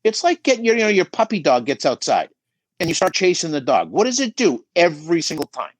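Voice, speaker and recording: A man's voice: fairly high pitch, sing-song, a little fast, no room sound. A middle-aged man giving emphatic coaching advice on a podcast, often checking in with "right?". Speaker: business coach guest.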